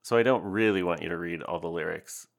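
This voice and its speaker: A man's voice: sits low, fast talker, creaky. A young man co-hosting a podcast, chatting casually with a joking, rambling, self-deprecating manner. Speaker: podcast co-host.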